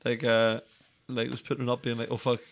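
A man's voice: medium pitch, brisk, creaky. A man with a Northern Irish accent, telling stories with acted-out quotes and plenty of swearing in casual podcast chat. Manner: animated storyteller, acts out quotes, swears freely. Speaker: podcast co-host.

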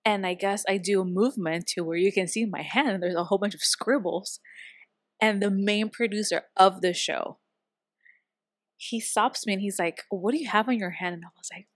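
A woman guest in a casual conversation, telling stories and acting out the dialogue lively. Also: mid-range voice, normal speed, no echo, clean studio sound. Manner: lively, acts out quoted dialogue in her stories.

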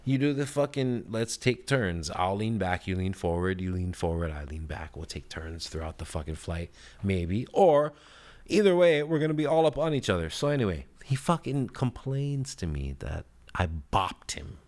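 Low-voiced man ranting heatedly. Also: normal speed. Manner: profane, heated and rambling; lively swings in pitch and loudness. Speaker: podcast host. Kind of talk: casual storytelling rant.

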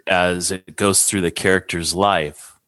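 A man co-hosting a casual film discussion, speaking in a measured, reflective way. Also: low voice, steady tone, fairly bright tone, dry recording.

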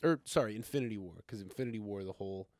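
A man co-hosting a podcast in casual chat, chatty and quick to laugh, with lots of "like" fillers. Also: on the low side, a little mellow, no room sound. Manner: chatty, laughs a lot, heavy use of "like". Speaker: podcast co-host.

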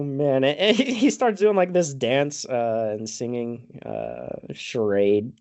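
A man's voice: mid-range voice, huge pitch swings, measured pace, few pauses, a little mellow. A man casually recapping a movie, rambling and swearing, often breaking into laughter.

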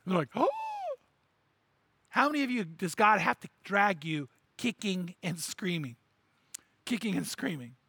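A middle-aged male pastor delivers a sermon in a high, bright voice. He tells stories with energy, slipping into the voices of the people in them. The sound is close and dry. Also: normal speed, husky, no echo. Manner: animated storyteller, acting out voices in anecdotes.

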